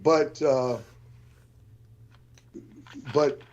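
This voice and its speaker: A man's voice: on the high side, steady tone, extremely slow, darkish tone, lo-fi sound. A man talking in a casual conversation, rambling and hesitant, often restarting his sentences.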